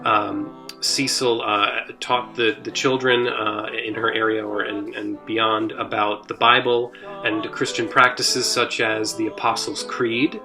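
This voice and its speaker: A man who leads a church's music ministry, explaining hymn history in a casual, halting way full of "uh" and restarts. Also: lowish voice, level tone, bright, forceful tone. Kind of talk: informal hymn history talk.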